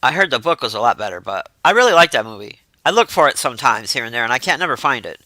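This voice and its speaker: A woman's voice: a bass voice, sing-song, quick pace, pushed and bright, no echo. A woman hosting a livestream, chatting loosely and reacting to messages from her chat. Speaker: livestream host.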